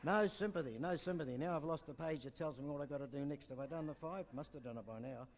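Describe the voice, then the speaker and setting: A man's voice: medium pitch, fast talker, a little mellow, a little hiss or hum. An older man doing stand-up at an awards night, rambling through jokes and asides. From New Zealand. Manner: rambling joke-teller with asides. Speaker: comedian. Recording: long reverb in a hall.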